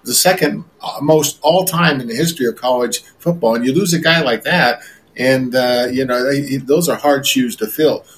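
An older man, a former quarterback, recalls his playing days in a relaxed interview, often repeating words and filling pauses. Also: medium pitch, rough recording. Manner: rambling, repeats words, many fillers.

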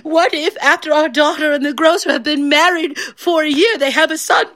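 A woman's voice: steady tone, fairly quick, a bit bright. A woman putting on a wailing, panicked mother. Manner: high wailing, laughing through tears.

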